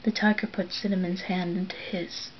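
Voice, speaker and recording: A woman reading a story aloud, softly and often near a whisper. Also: lowish voice, level tone, normal speed, highs cut off, a little hiss or hum. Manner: soft, often drops to a whisper for narration.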